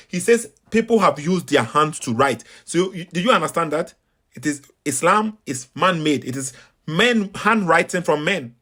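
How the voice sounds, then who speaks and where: Emphatic Ghanaian man, higher voice. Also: a bit bright. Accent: Ghanaian English. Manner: preachy, repeats himself, emphatic. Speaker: online debate host. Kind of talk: casual commentary between calls.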